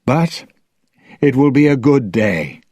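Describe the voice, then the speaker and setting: A man's voice: mid-range voice, very animated, takes it slowly, a little mellow, breathy edge, no room sound, lo-fi sound, voice pushed up, full character voice. A man doing a solemn young sea captain.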